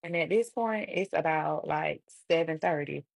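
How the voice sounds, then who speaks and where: A woman casually retelling a personal story in an animated way, acting out other people's lines. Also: low voice, moderate pace, vocal fry, slightly rough, dry recording. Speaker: storytime vlogger.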